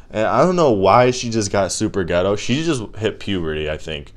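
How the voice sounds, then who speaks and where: A man's voice: on the low side, big pitch swings, brisk, few pauses. A man hosting a podcast, riffing through a profane, self-mocking comedy monologue. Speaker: podcast host.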